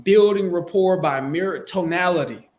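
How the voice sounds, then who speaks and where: A man talks through sales coaching in a loose, slangy, conversational way. His voice sits a little high for a man. He speaks into a close microphone. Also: normal speed, a little mellow. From Southern United States. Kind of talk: casual instructional talk.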